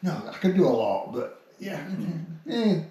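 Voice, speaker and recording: An older man, a hypnotist and entertainer, telling showbiz stories in an animated, sweary way and slipping into impressions. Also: on the high side, takes it slowly. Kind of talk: casual showbiz storytelling chat. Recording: roomy echo, distant from mic.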